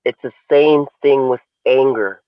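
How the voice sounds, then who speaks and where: A man co-hosting a podcast, telling a story in a casual, animated way. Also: unhurried, dry recording, dull audio. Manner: animated storyteller, swings pitch for emphasis. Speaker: podcast co-host.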